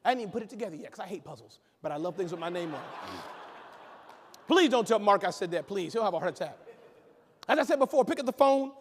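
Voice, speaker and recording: A man giving an energetic conference keynote, joking and bantering with the audience from the stage. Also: sits high, quick pace, slight background noise. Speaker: keynote speaker. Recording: echoey hall reverb.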